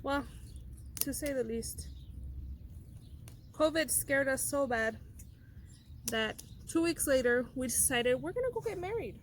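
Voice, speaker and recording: A woman's voice: high-pitched, lively intonation, unhurried, long pauses, a little hiss or hum. A young woman vlogger telling a personal story in a casual, rambling way with many fillers and restarts.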